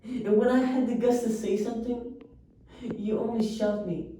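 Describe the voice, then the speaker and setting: A woman giving an earnest, emotional poetry recitation with slow pauses. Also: a little high, steady tone, dark tone. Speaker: poetry reader. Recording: echoey room, voice far from mic.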